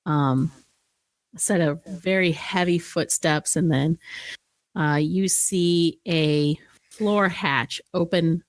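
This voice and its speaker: A woman's voice: lowish voice, takes it slowly, no echo. A woman narrating a tabletop role-playing game as game master, casual and descriptive, laughing easily.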